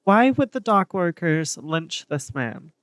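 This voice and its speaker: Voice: medium pitch, big pitch swings, slow pace, no room sound. A streamer casually commenting and reading dialogue while playing a game, with chatty asides.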